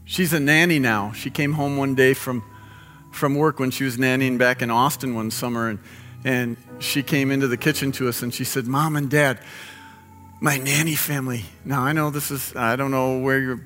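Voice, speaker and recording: A middle-aged man, a pastor, preaching a sermon with passion that builds to near-shouting peaks, recorded live in a large hall. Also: medium pitch, fairly even intonation, normal speed. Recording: live sermon in a reverberant hall with music behind.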